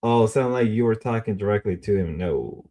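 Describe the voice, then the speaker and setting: A young man streaming casual commentary, rambling and swearing, repeating himself and swinging between mumbling and loud outbursts. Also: lowish voice, animated, normal speed.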